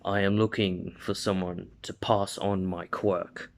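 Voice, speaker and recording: A man voicing a confident heroic mentor in a fan story, speaking slowly and deliberately in a low voice. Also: flat delivery. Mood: calm.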